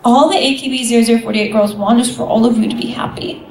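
A woman contestant on a convention panel, making an eager, animated fan argument. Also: fairly high pitch, fast. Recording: echoey hall, distant mic, crowd.

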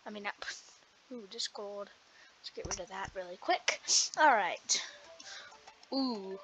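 A woman's voice: medium pitch, slow, fairly bright tone, poor audio. A woman hosting a casual gaming vlog, rambling and self-deprecating, laughing often as she talks. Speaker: gaming video host.

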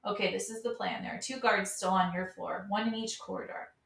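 A woman's voice: mid-range voice, steady tone, creaky, fairly bright tone, reverberant, recorded from a distance. A young male leader giving orders, read by a woman. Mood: commanding. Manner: brisk, commanding.

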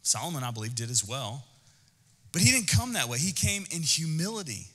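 A man preaching a sermon as pastor, animated and conversational, with jokes. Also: on the high side, brisk, long reverb tail. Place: church auditorium.

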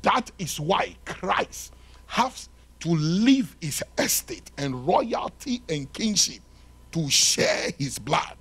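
A male pastor preaching a sermon in a church, swinging from loud shouted lines to hushed ones and acting out little dialogues. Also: on the high side, animated, slow pace, slightly rough. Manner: acts out dialogue between lovers.

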